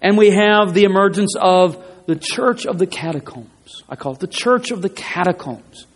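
A man's voice: high voice, normal speed. A man preaching a sermon in an emphatic way, repeating his phrases for stress, in a church. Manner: emphatic, repeats phrases, rising and falling delivery. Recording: long hall reverb.

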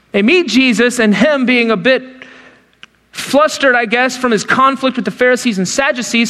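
A middle-aged man preaching a sermon as a pastor, telling the story in an animated way and acting out the quotes in character voices. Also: very high-pitched. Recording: long hall reverb.

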